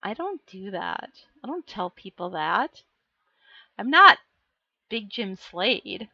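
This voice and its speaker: A woman's voice: mid-range voice, big pitch swings, takes it slowly, creaky, fairly bright tone, no echo, muffled recording. A woman live streaming as she paints miniatures, chatting casually and self-deprecatingly while answering her chat.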